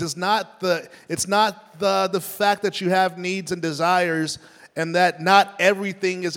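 A male pastor delivers a sermon in an earnest, explanatory way, often repeating himself. His voice sits slightly high and moves at an unhurried pace. The sound carries a long hall reverb.

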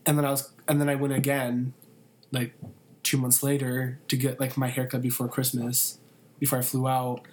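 A man's voice: mid-range voice, completely flat delivery, normal speed, slight background noise. Rambling young man telling crude stories. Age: young adult. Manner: rambling storytelling with many fillers and crude jokes. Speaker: college student and photography intern. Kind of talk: casual podcast chat.

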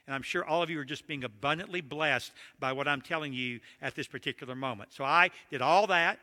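Bright Southern preacher in a big hall. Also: male voice, on the high side, a little fast. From Georgia, USA. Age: older. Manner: animated storytelling, self-deprecating humor. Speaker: pastor. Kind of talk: sermon.

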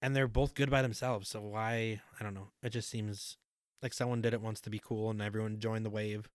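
A young man co-hosting a casual chat show, calmly and matter-of-factly explaining his food opinions. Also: fairly low pitch, a little fast, dry recording, clean studio sound. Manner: calm, matter-of-fact reasoning. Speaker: podcast co-host.

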